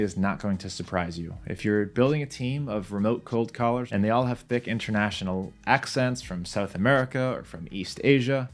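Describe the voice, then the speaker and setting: A man teaching beginners a sales method in a direct, confident, plain-spoken way. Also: lowish voice. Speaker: sales trainer. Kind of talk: instructional talk to camera.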